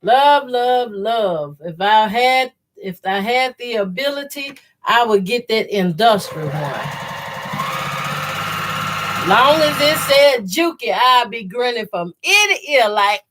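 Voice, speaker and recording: Her voice a little high and animated but slow, a middle-aged quilting host chats casually on a sewing livestream against a noisy background. Sinus congestion thickens her speech, and she often laughs while reading viewers' comments aloud.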